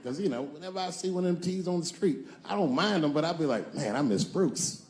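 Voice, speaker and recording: A stand-up comedian in his forties talks fast in a slightly high voice over heavy background noise. His set is crude, conversational storytelling, and he riffs with the crowd.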